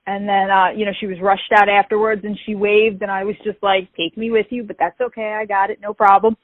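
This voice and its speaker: A woman, telling an animated story as an interview guest and acting out the quoted dialogue. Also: medium pitch, a little fast, no echo. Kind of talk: casual storytelling. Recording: tinny phone-like call audio.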